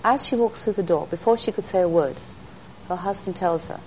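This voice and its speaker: Earnest woman telling stories, lowish voice. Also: fairly quick, darkish tone, slight background noise, rough recording. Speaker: interview guest, speaker to women. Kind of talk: storytelling in an interview.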